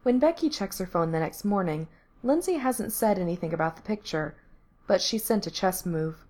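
A woman narrating a story aloud, reading in a steady, even way. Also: on the low side, normal speed.

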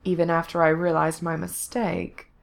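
A woman reading a story aloud, voicing a cruel male villain with a slow, quiet drawl. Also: deep voice, level tone, creaky. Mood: menacing. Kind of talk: fan fiction reading.

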